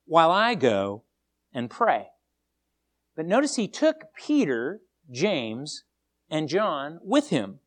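Lively, emphatic male pastor. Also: medium pitch. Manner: animated, emphatic, repeats words when starting sentences. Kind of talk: sermon.

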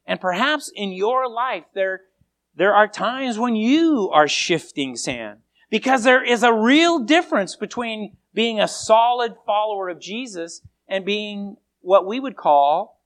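A preacher tells a story in a sermon, and the voice rises and falls widely to keep listeners hooked. Lines often start over with a repeated word. The delivery stays animated and conversational. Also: medium pitch.

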